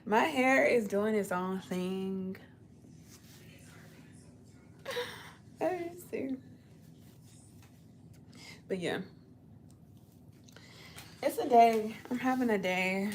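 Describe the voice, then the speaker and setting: Tired young woman rambling on her livestream, kinda gravelly voice, faint room hum behind. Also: fairly high pitch, big pitch swings, drawn-out words, long pauses. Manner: laid-back, rambling, slangy. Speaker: livestream host. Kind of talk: casual livestream chat. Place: her apartment.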